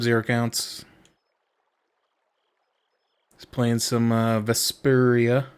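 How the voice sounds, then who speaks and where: A young man streaming a game, giving casual, rambling commentary with dark jokes. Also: on the low side, steady tone, brisk. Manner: joking, rambling, dark humor.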